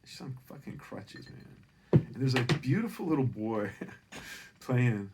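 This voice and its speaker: The recording is very noisy, and the man speaks slowly with medium pitch. He's a Northern Californian in his fifties, spinning an animated, profanity-laced personal story and repeatedly asking "right?"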